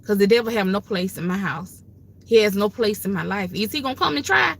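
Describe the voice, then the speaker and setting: Hosting a livestream, an older grandmother dispenses casual advice with folksy, preachy emphasis. Her mid-range voice is creaky and expressive, moving at a fairly quick clip.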